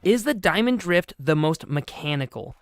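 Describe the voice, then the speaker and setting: A man hosting a live stream, commenting on play and reading out the chat with quick asides. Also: on the high side, smooth, no room sound, clean studio sound. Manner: excitable, reads chat aloud, quick asides. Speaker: livestream host and commentator.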